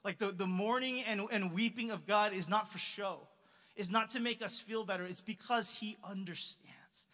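A young man delivers a sermon in a high, bright voice, talking casually with lots of "like" and restarts. His voice rings out with a long reverb. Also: moderate pace. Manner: casual, conversational preaching with many fillers and restarts. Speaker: pastor. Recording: reverberant hall.

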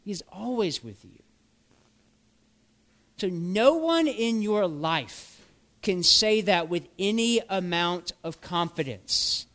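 A man's voice: sits high, big pitch swings, slow pace, a bit bright. A man preaching a sermon as a pastor, earnest and full of rhetorical questions.

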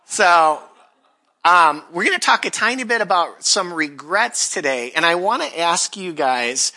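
Pastor, male, 40s, chatty sermon voice, very bright tone, pitched a bit high. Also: a little slow. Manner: conversational, self-deprecating, animated when quoting others. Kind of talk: casual sermon with storytelling.

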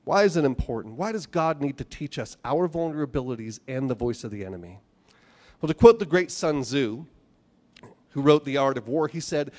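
A man preaching a sermon, animated, asking rhetorical questions and acting out the voices of the people he quotes. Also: on the high side. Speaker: pastor.

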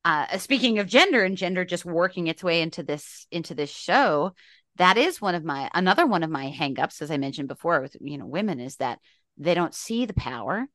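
A woman hosting a podcast in casual conversation, animated and emphatic. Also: fairly low pitch, brisk, no room sound, clean studio sound. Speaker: podcast host.

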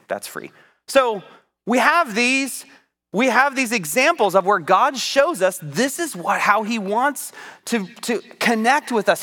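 A man preaching a sermon, teaching from the Bible in an animated, conversational way. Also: high voice.

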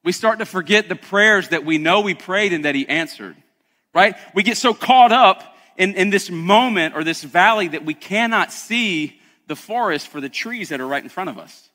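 A man's voice: high voice, lively intonation, moderate pace, sharp tone, long reverb tail. A man preaching a sermon as pastor, emphatic and conversational, often calling out to the congregation.

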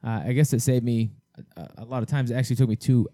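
A man's voice: mid-range voice, steady tone, fast, dark tone, no room sound, studio quality. A man hosting a podcast in casual chat, telling a rambling story with lots of fillers. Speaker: podcast host.

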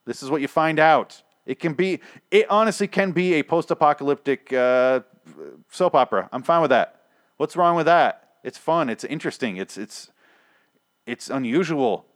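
A man's voice: a little high, lively intonation, moderate pace, no room sound. Sarcastic, swearing man with a dry sound. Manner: rambling and sarcastic, heavy swearing; stammers, repeating words as he restarts. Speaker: TV episode recapper. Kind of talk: casual, profane episode recap.

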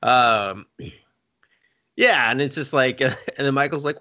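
A man's voice: mid-range voice, a little slow, pauses often, bright, forceful tone. A man co-hosting a casual chat about a movie, laughing often and quoting characters. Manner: laughing, chatty, quotes characters. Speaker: podcast co-host.

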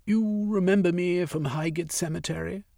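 A man's voice: sits high, steady tone, moderate pace, creaky, mellow, no echo, studio quality, voice pushed up. A man voicing a passionate young aristocrat turned radical, pleading his case in a storybook reading. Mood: impassioned.

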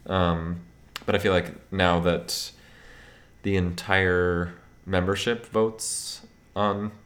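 A man's voice: deep voice, flat delivery, slow, fairly bright tone. A man reading nominee lists and giving his picks in a casual chat, joking about how names are pronounced. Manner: reads nominee lists, jokes about name pronunciation. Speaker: podcast co-host. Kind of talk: casual film awards chat.

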